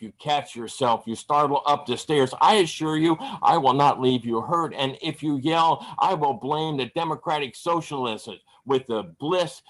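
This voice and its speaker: Man performing spoken word, slow deliberate delivery, fierce and profane, over a video call. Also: fairly high pitch. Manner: angry, profane, declamatory delivery. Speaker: open mic poet. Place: home, online video call.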